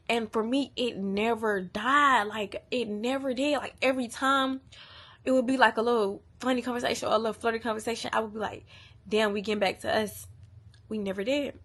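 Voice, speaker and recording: A woman's voice: a little high, fairly even intonation, a little fast, fairly bright tone. A woman, venting candidly and emotionally to the camera, profane and repeating herself. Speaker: vlogger.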